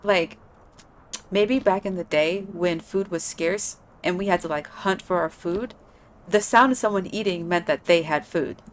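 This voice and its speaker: A woman's voice: fairly low pitch, a little slow. A woman chatting casually while playing a game, rambling with lots of filler words. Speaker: gaming streamer. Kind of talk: casual gameplay chat.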